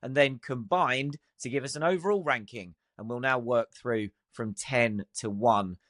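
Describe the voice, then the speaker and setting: A man hosts a chat podcast at a middle pitch, lively and quick to laugh. His voice sounds close and dry, with no room around it. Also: no room sound. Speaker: podcast host. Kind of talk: casual chat.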